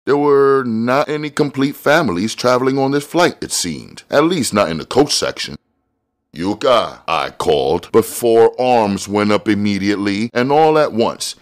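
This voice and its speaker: A man reading a novel aloud in first person, telling the story expressively with casual swearing. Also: fairly low pitch. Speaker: audiobook reader.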